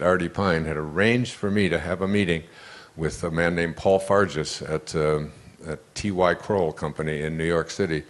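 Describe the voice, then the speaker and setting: An older man giving an inspirational lecture, telling a rambling story with restarts and asides. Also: low voice. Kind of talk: inspirational lecture to a live audience.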